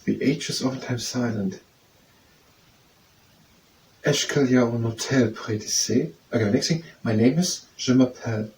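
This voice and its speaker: A man, tutoring by slowly repeating French phrases and testing how they sound, then leading simple wrist exercises. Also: mid-range voice, darkish tone. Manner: slow, repetitive, trying out pronunciations. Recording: distant mic with faint background noise.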